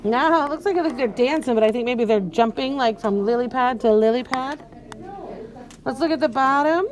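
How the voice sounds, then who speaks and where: A woman's voice: high voice, normal speed. A woman teacher leading an early reading lesson, patiently sounding out words with a sing-song coaching manner.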